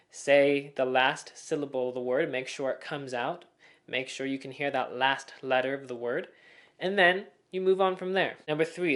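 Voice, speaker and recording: A young man giving casual tips on speaking clearly, now and then acting out mumbled or rushed talk as examples. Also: medium pitch. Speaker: speaking coach. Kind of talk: casual spoken tutorial.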